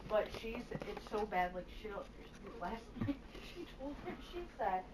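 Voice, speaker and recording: A woman casually telling stories in a profane, animated way, quoting people as she goes, on a game voice call. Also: a little high, normal speed, few pauses. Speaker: gamer chatting on voice call. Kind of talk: casual storytelling. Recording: echoey, distant, noisy game voice chat.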